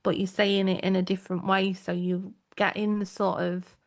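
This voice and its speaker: A woman's voice: mid-range voice, little pitch movement, normal speed. A woman with a South Yorkshire accent, co-hosting a podcast in casual chat that wanders into tangents. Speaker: podcast co-host.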